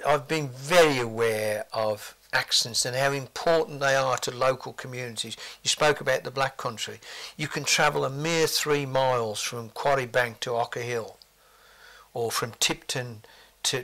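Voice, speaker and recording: A man's voice: mid-range voice, sharp tone. An older man, reminiscing forthrightly in an interview with blunt asides.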